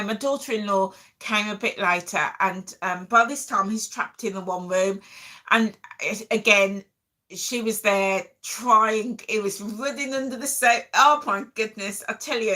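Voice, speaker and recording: A woman's voice: medium pitch, sharp tone. A middle-aged woman, casually telling an emotional story to her viewers as a vlog host. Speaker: vlogger host.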